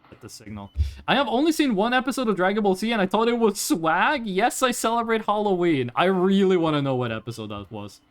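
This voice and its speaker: Guy streaming a game, high voice, jokey and all over the place with chat. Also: brisk. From Norway. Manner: animated, joking, rambling. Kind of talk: live game stream chatter with viewers.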